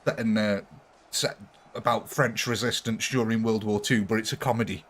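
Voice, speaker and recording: A man's voice: fairly low pitch, fairly even intonation, normal speed, a bit bright. A man chatting casually on a live gaming stream, laughing often and answering chat.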